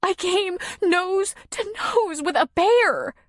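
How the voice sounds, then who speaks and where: A woman's voice: expressive, slow pace, dry recording, clean studio sound, full character voice. A woman voicing a frightened young woman whose voice trembles after a bear attack. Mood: shaken. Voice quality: trembling, high and tearful.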